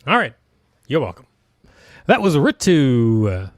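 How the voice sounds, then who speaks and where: Halting, lively talent show host man. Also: mid-range voice, dry recording. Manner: halting, lots of uh fillers, dry jokes. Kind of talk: casual live-stream hosting.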